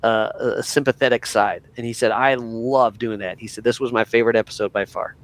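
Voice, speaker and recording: A man's voice: medium pitch, steady tone, fairly quick. Man retelling behind-the-scenes stories. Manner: retells stories with restarts and quotes. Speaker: podcast co-host. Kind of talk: casual chat.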